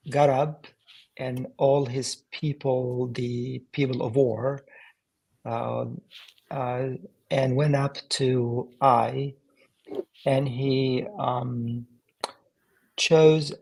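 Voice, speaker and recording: A man in a live study group, translating the text aloud hesitantly with many pauses and fillers. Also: medium pitch, creaky, a little mellow, poor audio. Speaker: participant reading and translating the text. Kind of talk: live-streamed study discussion.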